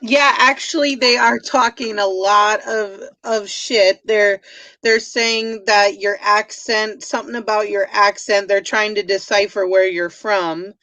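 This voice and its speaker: A woman's voice: mid-range voice, steady tone, unhurried, pushed and bright, no room sound. A woman hosting a live stream, casually and bluntly reading viewer comments aloud. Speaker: host and medium. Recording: dry, lo-fi stream audio.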